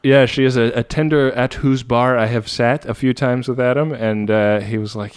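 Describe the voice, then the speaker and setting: A man's voice: medium pitch, steady tone, normal speed, few pauses, clean tone. A man co-hosting a podcast, chatting casually and rambling with many fillers. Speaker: podcast co-host. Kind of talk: casual chat.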